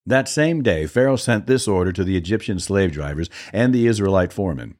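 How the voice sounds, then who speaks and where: A man's voice: on the low side, very animated, a little fast, hardly any pauses, darkish tone. A man reading the Bible aloud for a podcast, narrating steadily and expressively. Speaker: scripture reader.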